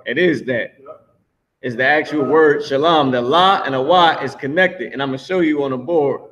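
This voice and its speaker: A man's voice: a little high, normal speed, a bit bright. A man teaching a live language class in a loose, slangy way, repeating words as he builds each point.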